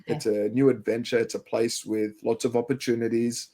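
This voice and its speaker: A man's voice: medium pitch, little pitch movement, moderate pace, mellow. A man with a Western Sydney Australian accent, an English teacher co-hosting a podcast, talking casually and rambling with many fillers and restarts. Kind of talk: casual educational podcast chat.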